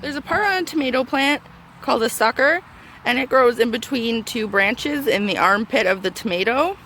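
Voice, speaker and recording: A fairly high-voiced woman walks through her vegetable garden and chats excitedly about what is growing, now and then speaking straight to her plants. Her voice turns squeaky at times. She was recorded outdoors on a handheld camera, with faint outdoor noise behind her. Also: moderate pace. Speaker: gardening vlogger. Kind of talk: casual garden tour.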